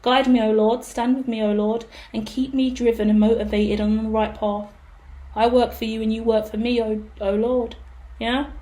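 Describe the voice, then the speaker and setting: A woman's voice: on the high side, level tone, normal speed, dark tone. A woman giving a tarot reading, blunt and profane with dramatic outbursts. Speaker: tarot reader. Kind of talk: casual tarot reading monologue.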